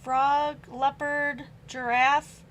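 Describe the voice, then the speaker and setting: A woman's voice: high voice, little pitch movement, drawn-out words, a bit bright, a little hiss or hum, low-quality recording. A young adult woman hosting a live-streamed craft supply sale at home, chatting as she reads out stamp sentiments and prices. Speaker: online craft sale host. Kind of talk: live-stream sales chat.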